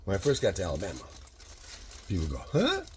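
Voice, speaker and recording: Cooking at home, a sixties-aged Michigan man vlogs in a low, very animated, slightly mellow voice. He rambles into philosophical musings and rushes ahead in bursts. There's slight background noise.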